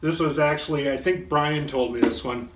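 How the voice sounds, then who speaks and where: A man's voice: on the high side, normal speed, noisy background. A man hosting a casual pub chat, telling jokes in a rambling, folksy, self-deprecating way. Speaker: host. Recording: echoey room with faint guitar.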